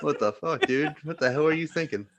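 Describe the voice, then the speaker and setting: A man's voice: on the high side, fairly quick, a bit bright. A man co-hosting a casual podcast, with dry, teasing remarks. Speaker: podcast co-host.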